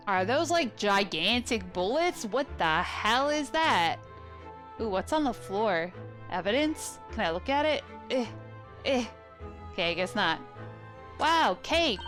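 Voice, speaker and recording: A young woman gamer makes playful, joking asides as she plays. Her voice sits slightly high. Game music runs behind her commentary. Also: big pitch swings, slow, fairly bright tone. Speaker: let's play gamer. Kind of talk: casual gameplay commentary.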